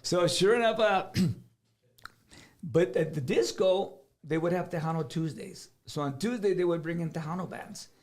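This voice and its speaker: Middle-aged singer, high voice, animated storyteller who slips into Spanish. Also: male voice, normal speed. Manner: animated, switches between English and Spanish, acts out other people's lines. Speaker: singer, guest. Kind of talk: casual storytelling.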